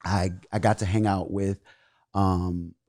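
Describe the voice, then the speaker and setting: A young man, a stand-up comedian guest, telling stories in an animated, excitable way and swearing freely. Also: deep voice, slow, dry recording, clean studio sound. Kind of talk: animated storytelling in casual chat.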